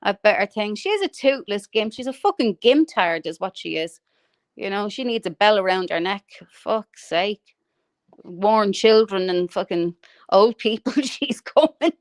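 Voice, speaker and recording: A woman's voice: mid-range voice, animated, a little slow, no room sound, studio quality. Foul-mouthed woman, mocking rant. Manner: laughs often at her own insults. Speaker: livestream host. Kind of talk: ranting livestream chat.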